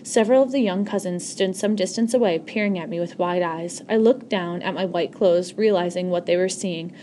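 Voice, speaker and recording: A woman's voice: fairly low pitch, brisk, dark tone, slight background noise. Woman reading a novel aloud, self-correcting. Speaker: audiobook reader.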